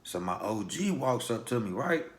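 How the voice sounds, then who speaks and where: A young man from Louisville, Kentucky, casually telling a personal story in heavy street slang with animated retelling. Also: medium pitch, normal speed. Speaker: vlogger.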